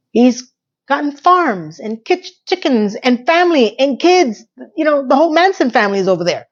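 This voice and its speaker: A woman recapping a TV episode in an animated, exasperated rant, sarcastic and talking straight to her viewers, a little hoarse from losing her voice. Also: high-pitched, normal speed, dull audio. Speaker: TV recap vlogger.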